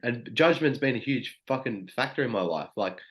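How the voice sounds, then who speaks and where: A young man speaks as a podcast guest in a loose, rambling way. He leans on "like" as filler and swears freely, at an ordinary middle pitch. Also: expressive, moderate pace. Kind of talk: casual podcast chat.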